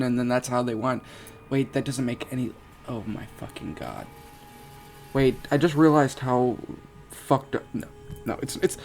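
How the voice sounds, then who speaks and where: Reading a creepypasta aloud, a man with a fairly high, somewhat dark voice keeps interrupting himself with profane exclamations and laughter.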